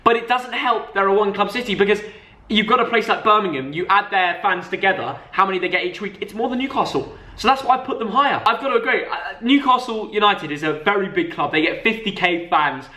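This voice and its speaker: A young man from Manchester hosting a casual chat, loud, teasing and argumentative. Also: high-pitched, lively intonation, fast talker. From Manchester, England. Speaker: host. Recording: echoey room.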